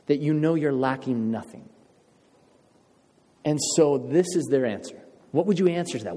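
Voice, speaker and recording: A man's voice: mid-range voice, animated, normal speed, warm tone, long reverb tail. A man preaching a sermon in a conversational way, asking his listeners questions. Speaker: pastor.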